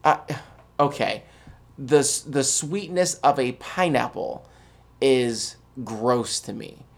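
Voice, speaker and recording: A man's voice: mid-range voice, lively intonation, slow pace, creaky. A man co-hosting a podcast in casual chat, blunt and opinionated with a joking edge. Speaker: podcast co-host.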